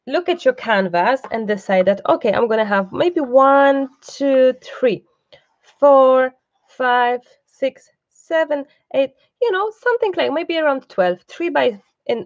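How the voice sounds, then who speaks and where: A woman's voice: fairly high pitch, a little mellow, dry recording, lo-fi sound. A woman hosting a live online craft class, chatty and reassuring, breaking off for asides to the person behind the camera. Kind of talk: live craft tutorial, casual chat.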